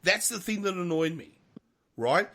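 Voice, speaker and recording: A man's voice: high voice, lively intonation, measured pace, vocal fry, a bit bright. A middle-aged man, co-hosting a casual podcast chat, swearing a lot and ranting heatedly. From Australia. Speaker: podcast co-host.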